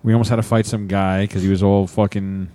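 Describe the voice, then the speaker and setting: A man's voice: lowish voice, little pitch movement, a little fast, mellow, a little hiss or hum. A young man co-hosting a podcast, telling a rowdy weekend story in casual, profane chat and laughing often. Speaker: podcast co-host.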